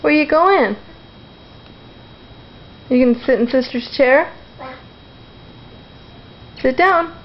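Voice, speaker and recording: A mother filming at home, talking slowly and coaxingly in sing-song baby talk to her toddlers. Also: high voice. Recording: dull lo-fi sound with steady background noise.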